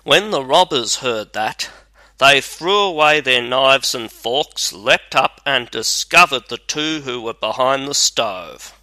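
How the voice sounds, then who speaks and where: Slow bright-voiced male storyteller. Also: medium pitch, lively intonation, no room sound. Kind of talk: scripted fairy tale narration.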